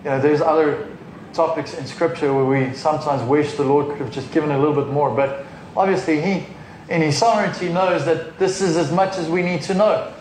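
Pastor preaching loosely in an echoey room. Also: male voice, a little high, a little fast, darkish tone, a little hiss or hum. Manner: informal, rambling with many fillers. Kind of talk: sermon.

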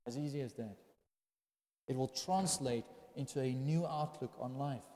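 A man's voice: mid-range voice, moderate pace, mellow. A man preaching a sermon, asking rhetorical questions and building to emphatic declarations. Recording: echoey hall.

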